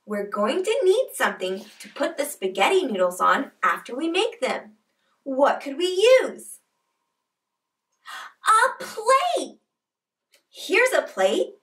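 A woman hosting a preschool lesson, talking to toddlers in a bright, exaggerated, encouraging way and breaking into little sing-along chants. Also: sits high, sing-song, measured pace, distant mic. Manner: bright, exaggerated, encouraging kids-show delivery. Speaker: children's show host.

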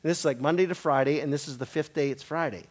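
A man with a fairly high voice delivers a storytelling sermon to a congregation. He talks in a loose, conversational way and acts out the back-and-forth of the people in his story. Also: quick pace. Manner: conversational, acting out quoted dialogue. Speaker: guest preacher. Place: church sanctuary with a congregation.

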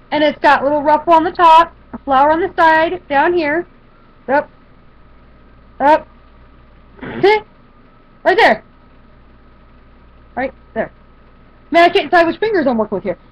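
A woman's voice: extremely high pitch, moderate pace, pauses often. A woman chatting casually to camera as she shows a shopping haul, rambling with fillers and restarts. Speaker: vlogger showing a shopping haul. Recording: dull lo-fi home video audio.

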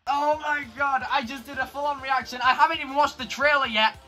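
A young man reacting to a trailer on his channel, excitable, shouting and rattling on like a hyped-up fan. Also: very high-pitched, faint music behind. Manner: excitable, shouts and laughs, rapid fan chatter.

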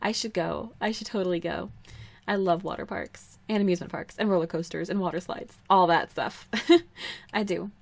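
A woman's voice: on the low side, fairly even intonation, moderate pace, creaky. Young woman talking through her game, giggly and chatty, rambles with lots of ums. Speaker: let's play host. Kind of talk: casual gameplay commentary.

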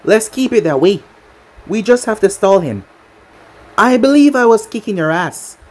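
A woman's voice: medium pitch, expressive, normal speed, darkish tone, natural voice. Woman reading as a defiant young android fighter.

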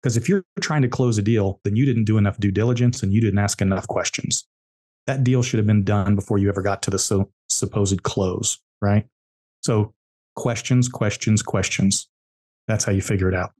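A man's voice: lowish voice, fairly even intonation, brisk, a little mellow. A man, an entrepreneur guest on a podcast, telling business stories bluntly and emphatically, repeating key words. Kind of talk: podcast interview storytelling.

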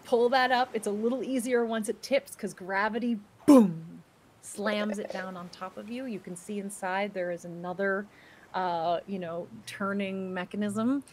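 A woman's voice: mid-range voice, steady tone, slight background noise. Woman narrating as game master. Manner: descriptive, unhurried, many fillers and restarts.

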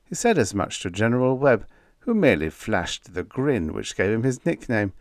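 A man reading a vintage science fiction story in wry, expressive scripted narration. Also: fairly low pitch, normal speed, no echo, studio quality. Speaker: audiobook narrator.

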